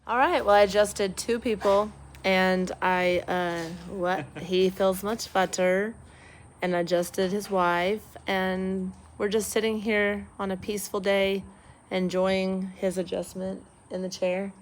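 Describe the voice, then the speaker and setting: A woman's voice: mid-range voice, level tone, slow pace, slight background noise, poor audio. A woman from Texas telling stories in a casual, chatty vlog, talking to the animals around her. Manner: chatty, storytelling, talks to animals. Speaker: chiropractor vlogger. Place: outdoors on a ranch and in a car.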